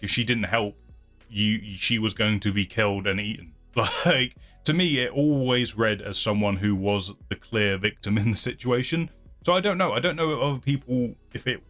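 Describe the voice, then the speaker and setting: A man hosts his own channel, casually working through viewer comments as he rambles, hedges his words and often laughs at himself. His voice is mid-range and a bit bright.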